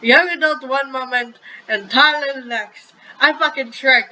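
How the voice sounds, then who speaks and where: A woman's voice: high voice, a little slow, sharp tone, rough recording. A woman reading aloud and voicing a grumpy, foul-mouthed young man who gripes in bursts. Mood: grumbling. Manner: griping, swearing bursts.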